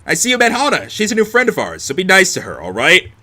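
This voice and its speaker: A man's voice: sits high, wildly swooping pitch, fast talker, pushed and bright, pitched above the performer's own voice, full character voice. A man doing an eager friendly schoolboy. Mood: cheerful. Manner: upbeat, welcoming. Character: eager friendly young male student.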